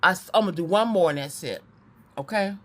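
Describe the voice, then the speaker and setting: A woman doing a psychic card reading to camera. She talks in a chatty, animated way, often repeats words, and drifts into preaching. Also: on the low side, fast, slight background noise.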